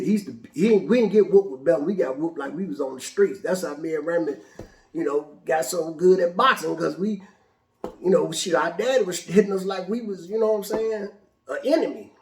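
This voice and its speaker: Male host, fairly high voice, animated profane storyteller, echoey room. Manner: animated, casual, profane, restarts often. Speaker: show host. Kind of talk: personal storytelling.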